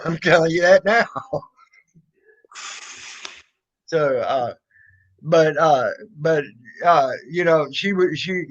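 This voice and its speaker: A man's voice: a little high, slow pace, pauses often. A man casually telling a childhood story, rambling and swearing, full of fillers and restarts. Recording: dull lo-fi recording.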